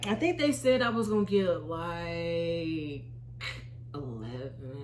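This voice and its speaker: A woman in her thirties, an Army veteran, telling a storytime vlog in an animated, expressive way and acting out her own reactions. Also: fairly low pitch, slow, soft background music.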